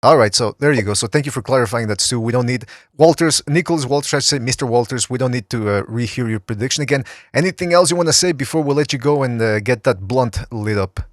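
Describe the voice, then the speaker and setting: A man's voice: mid-range voice, quick pace, hardly any pauses, no room sound, clean studio sound. A man hosting a casual boxing podcast, taking callers and joking with them. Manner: jokey, taking calls. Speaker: host.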